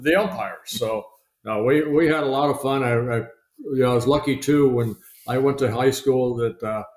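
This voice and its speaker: A man's voice: mid-range voice, moderate pace, a little mellow. Older man telling rambling stories, roomy sound. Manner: chatty, rambling anecdotes with many fillers and restarts. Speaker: guest, retired baseball pitcher. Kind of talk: storytelling in a podcast interview. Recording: roomy echo.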